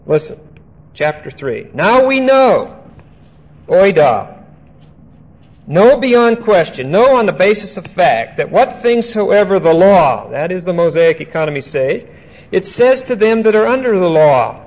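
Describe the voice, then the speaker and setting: A man's voice: high-pitched, very animated, unhurried, darkish tone. An older man teaching through a Bible passage verse by verse, conversational, often checking in with "okay?" and telling stories. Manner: conversational, frequent "okay?" check-ins, storytelling asides. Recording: dull lo-fi recording.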